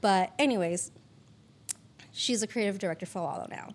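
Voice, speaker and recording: A woman's voice: mid-range voice, moderate pace. Chatty woman producer, "like"-heavy talk. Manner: chatty, heavy use of "like", casual swearing. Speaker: producer and podcast guest. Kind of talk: casual interview chat.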